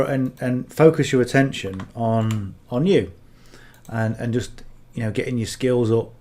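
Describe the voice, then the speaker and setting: A man's voice: medium pitch, a little mellow. A man coaching on marketing in casual, unscripted talk, blunt and earnest, who keeps checking in with "okay?".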